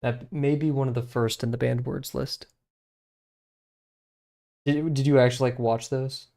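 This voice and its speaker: A man's voice: mid-range voice, fairly even intonation, unhurried, gravelly, dark tone. A young man, chatting casually on a live stream while he draws, rambling with many fillers and restarts.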